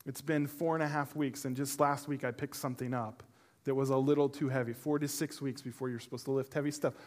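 A middle-aged man, a pastor preaching to a church congregation, telling a personal story with humor and animation, then turning softer and earnest. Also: mid-range voice, fairly even intonation, quick pace. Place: church service before a congregation.

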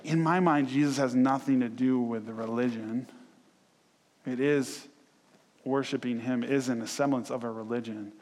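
Conversational pastor in a reverberant hall. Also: male voice, medium pitch, normal speed. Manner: conversational, storytelling, animated acted quotes. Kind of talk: sermon.

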